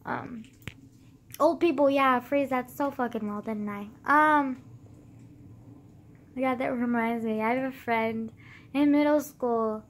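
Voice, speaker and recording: A woman's voice: sits high, takes it slowly, pauses often, slight background noise. A young woman in her late teens rambling casually to camera in a vlog, full of "like" and loose swearing. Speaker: vlogger.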